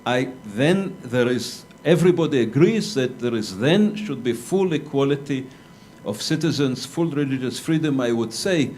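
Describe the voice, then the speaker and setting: A male academic panelist answering a conference question in a measured, argumentative way, with hesitant restarts. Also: mid-range voice, lively intonation, a little mellow, a little hiss or hum. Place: lecture hall.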